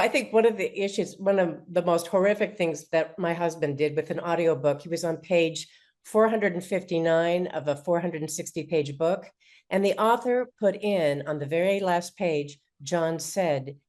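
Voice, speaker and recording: A woman's voice: lowish voice, normal speed, darkish tone. A woman in a panel discussion, telling anecdotes in a storytelling manner.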